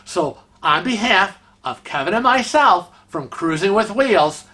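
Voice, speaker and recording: A man's voice: high-pitched, big pitch swings, unhurried, bright, forceful tone. A man hosting a vlog segment on cruise etiquette, calling out bad behavior in an indignant, emphatic way. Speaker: vlog host.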